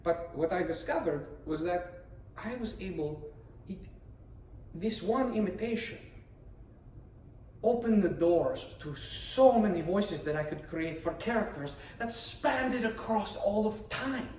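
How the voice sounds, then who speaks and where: A man's voice: high voice, animated, unhurried, a little mellow, a little hiss or hum. A man who performs voices gives an explanatory talk on voice acting, in a theatrical, playful manner full of rhetorical questions. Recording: echoey room, voice from a distance.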